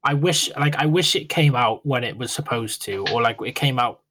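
A man hosting a casual podcast, talking in an animated way with plenty of swearing. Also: mid-range voice, moderate pace. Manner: animated, swearing, acts out scenes. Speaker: podcast host.

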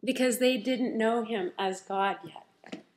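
A woman preaching a sermon, retelling scripture stories in a lively, conversational way. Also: fairly high pitch, takes it slowly.

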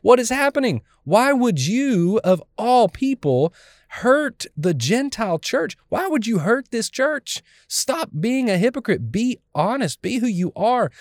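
A man acting out an enraged apostle who confronts his friend face to face and won't back down. The voice climbs high and sharp with exasperation. It stays dry and close on the mic. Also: very animated, unhurried, dry recording, heavily acted. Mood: furious. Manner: scolding, exasperated.

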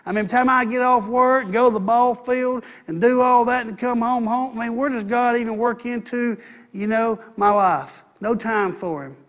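A man's voice: very high-pitched, fairly bright tone. A man preaching a sermon as pastor, earnest and repeating phrases for emphasis.

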